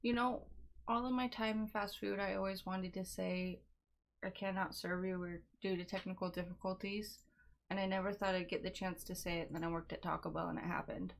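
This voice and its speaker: A woman's voice: mid-range voice, steady tone, brisk, creaky. A woman co-hosting a casual gaming podcast, chatty and playful as she tells little stories. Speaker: podcast co-host.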